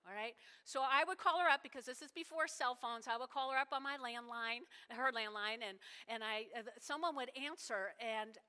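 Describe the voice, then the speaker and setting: Lady pastor preaching, lively storytelling, bright tone, echo of a big hall. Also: on the high side, moderate pace, hardly any pauses, clean tone. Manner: animated storytelling with asides to the congregation. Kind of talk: sermon. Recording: hall reverb.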